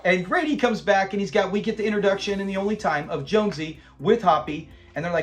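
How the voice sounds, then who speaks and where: A man hosting his own channel, giving a casual recap of a sitcom episode, chatty and animated, acting out the characters' lines. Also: on the high side, fast, faint music behind. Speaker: channel host.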